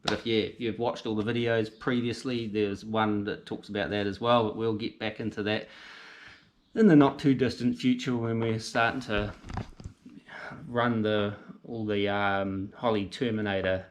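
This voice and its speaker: A man's voice: lowish voice, fairly even intonation, normal speed, slight background noise. Rambling New Zealand man in his garage. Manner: rambling, thinks aloud, self-correcting. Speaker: car restoration channel host. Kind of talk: casual workshop vlog. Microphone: handheld camera mic.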